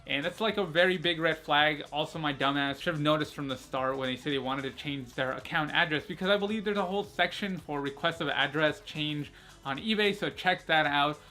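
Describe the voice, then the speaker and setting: A man's voice: a little high, bright, forceful tone. A young man vlogging, telling a story casually in a rambling, candid way with lots of fillers and some self-mockery.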